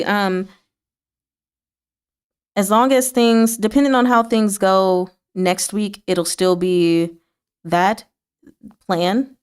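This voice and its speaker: Chatty woman hosting a livestream. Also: clear, resonant tone. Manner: chatty, animated pitch swings, talks back to chat. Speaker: book club host. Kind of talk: casual livestream chat with viewers.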